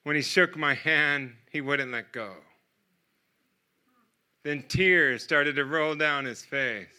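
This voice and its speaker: A man's voice: fairly high pitch, slow, sharp tone, smooth. An American man preaching a sermon, telling his testimony as a vivid story and acting out the dialogue. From United States. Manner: vivid storyteller who acts out dialogue and laughs often. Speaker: guest preacher.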